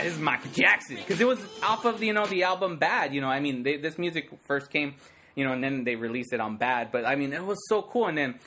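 A man in his thirties in casual chat, rambling excitedly, packing his talk with "like" and acting out sound effects. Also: fairly high pitch.

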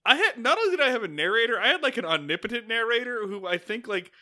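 A man's voice: very high-pitched, sing-song, fast, bright, forceful tone. A man co-hosting a podcast, chatting casually and jokingly about movies, swearing now and then and laughing as he talks. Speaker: podcast co-host. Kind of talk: casual comedic movie chat.

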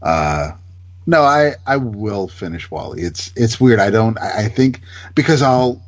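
Husky, hesitant low-voiced man. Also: expressive, a little slow, highs cut off. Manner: hesitant, stammers and restarts. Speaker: podcast co-host. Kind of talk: casual chat.

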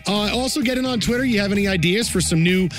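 Brief: high-pitched male podcast co-host, animated storyteller, faint music bed. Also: fast talker. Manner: animated storyteller, acts out quotes. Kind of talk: casual sports podcast chat.

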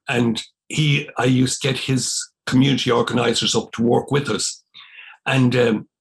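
Older Irish priest, gravelly voice, mid pitch, recounts his past with lively quoted dialogue. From Ireland. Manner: animated retelling, voice rising when quoting. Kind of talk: storytelling in conversation.

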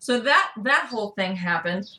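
A woman's voice: mid-range voice, expressive, normal speed, sharp tone, distant mic. A woman co-hosting a casual podcast chat, explaining at length and laughing often. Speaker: podcast co-host.

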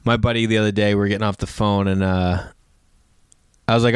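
A man's voice: fairly low pitch, fairly even intonation, a little fast, clear, resonant tone, no echo, clean studio sound. A man in his thirties talking casually on his own podcast, rambling through stories and acting out quotes in a raised voice. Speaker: podcast host. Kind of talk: casual solo podcast monologue.

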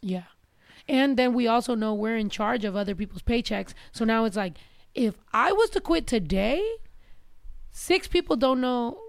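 A woman hosting a podcast, telling stories in a loud, animated way with plenty of cursing. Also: fairly high pitch, normal speed, vocal fry, no room sound. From Mexican-American family. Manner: loud, animated storytelling with profanity. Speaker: podcast host. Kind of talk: casual chat.

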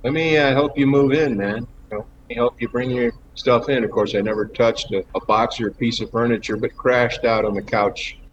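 A man's voice: medium pitch, steady tone, fairly quick, few pauses. A man guest on an interview, telling rambling stories with many fillers and laughs. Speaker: actor guest. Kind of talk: casual interview storytelling. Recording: dull lo-fi with faint noise.

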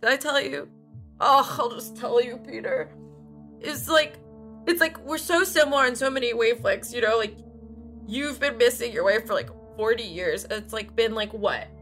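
A scattered, self-absorbed podcaster, played by a woman rambles along in a bright, higher voice. Her sentences pile up filler after filler as she keeps circling back to herself. Faint music sits under the voice. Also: moderate pace, natural voice. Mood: rambling. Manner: rambling, lots of "like", self-centered. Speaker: podcast host playing a true crime dummy. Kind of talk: improvised comedy podcast.

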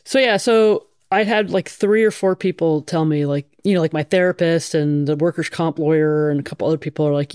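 A woman's voice: sits low, fairly quick, hardly any pauses, darkish tone, clear, resonant tone, no room sound, studio quality. A middle-aged woman, a firefighter, telling her story frankly in an interview, swearing casually and restarting her sentences often. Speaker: guest, firefighter.

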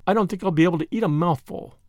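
A man voicing a gentle young girl who speaks dolefully. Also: sits high, very fast, dry recording, studio quality, close to an everyday voice. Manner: doleful, questioning.

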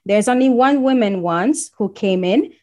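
A woman's voice: on the high side, animated, unhurried, dark tone. A woman from Congo telling a personal story in casual conversation, acting out the voices of people she quotes.

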